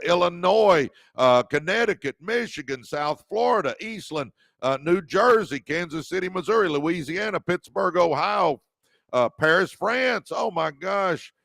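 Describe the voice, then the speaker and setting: A man's voice: fairly high pitch, gravelly, a bit bright, no echo. A man from Dallas hosting a live stream from his room, greeting viewers with enthusiasm and reading out their comments. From Dallas, Texas. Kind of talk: energetic live-stream greeting and motivational talk.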